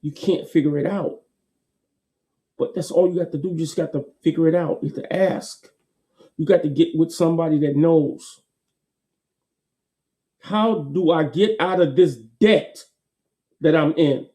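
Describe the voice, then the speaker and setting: Man, very dark mellow tone, slightly high voice, folksy repetitive motivational talk. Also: unhurried, pauses often. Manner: folksy, repetitive, emphatic with laughs. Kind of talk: casual motivational monologue.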